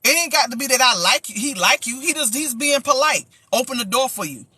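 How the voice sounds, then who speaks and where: A woman pastor telling a story in a lively, chatty way on a livestream, with sound effects and preachy asides. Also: high-pitched, fairly quick, husky, no echo.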